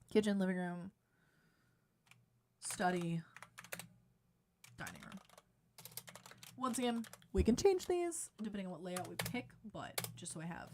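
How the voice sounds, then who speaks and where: A woman thinks out loud while designing a game on a live stream, her voice often sinking into quiet, half-whispered mutters. She sits at a desk microphone in her room, with keyboard typing, clicks and a faint hiss behind her. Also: lowish voice.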